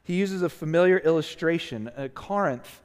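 A man's voice: on the high side, normal speed, darkish tone. A male pastor preaching a sermon, earnest and emphatic, tired and often asking "right?". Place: church sanctuary. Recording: long reverb of a church hall.

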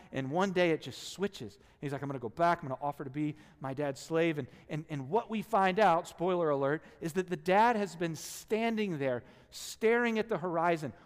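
A man preaching a sermon as a pastor, telling personal stories and acting out the people in them. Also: a little high. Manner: animated storytelling, acting out quotes, self-deprecating. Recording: long hall reverb.

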